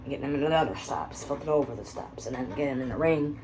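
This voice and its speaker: A woman casually recapping a wrestling episode, rambling and excitable, with quiet muttered asides. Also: very deep voice, racing, a crowd in the background, low-quality recording.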